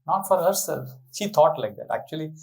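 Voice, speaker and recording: A man giving a storytelling sermon on a tour talk, animated and often putting questions to his listeners. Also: fairly high pitch, brisk, vocal fry, poor audio. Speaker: spiritual speaker.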